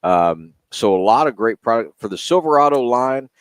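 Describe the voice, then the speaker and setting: A man's voice: medium pitch, lively intonation, normal speed, clean tone, no room sound. A man who represents a car dealership, chatting casually on a radio show with many fillers. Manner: easygoing, hesitant, filler-heavy. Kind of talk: casual radio chat and sales pitch.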